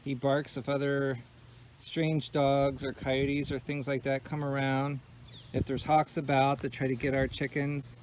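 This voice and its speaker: A man's voice: mid-range voice, little pitch movement, measured pace, a little hiss or hum, rough recording. A man, a farmer, casually explaining his farm and animals outdoors.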